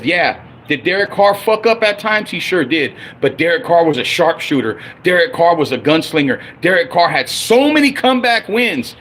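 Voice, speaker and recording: A man ranting on a livestream about his football team, profane and heated, swinging between loud outbursts and low grumbling. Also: slight background noise. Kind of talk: angry unscripted livestream rant.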